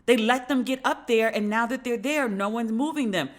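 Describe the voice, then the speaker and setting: A woman in her forties hosts a podcast and tells a story in a loose, profane way. Her voice sits somewhat high, and she jumps into shrieking reenactments as she talks. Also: normal speed. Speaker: podcast host. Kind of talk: casual monologue.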